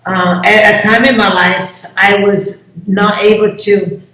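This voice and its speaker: A woman's voice: mid-range voice, little pitch movement, a little slow, fairly bright tone. A woman from Brazil, talking as an interview guest in an effusive, chatty way and acting out what people said. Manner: effusive, acts out quoted dialogue. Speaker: contest promoter, interview guest. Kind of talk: casual interview chat. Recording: very echoey room.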